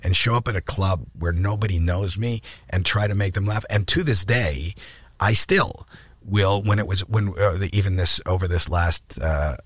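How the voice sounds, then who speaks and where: An older man from Canada tells stories as a podcast guest, with a lowish voice that jumps higher when he acts out what people said. He repeats and restarts words as he goes, and the sound is close and dry. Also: normal speed, husky, no echo. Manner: animated, acts out quoted lines with rising pitch. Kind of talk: anecdotal storytelling in conversation.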